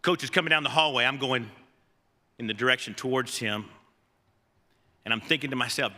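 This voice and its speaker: A man's voice: mid-range voice, quick pace, long pauses, pushed and bright. A man giving a folksy, self-deprecating ceremony speech full of stories, with fillers and restarts. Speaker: award speaker, former assistant coach. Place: banquet hall. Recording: long reverb of a large hall.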